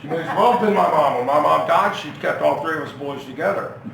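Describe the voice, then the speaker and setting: A man's voice: on the high side, fast, vocal fry, fairly bright tone. A middle-aged man telling rambling, profane stories in a casual interview, with lots of restarts. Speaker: rock singer being interviewed. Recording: echoey, from far off, noisy ambience.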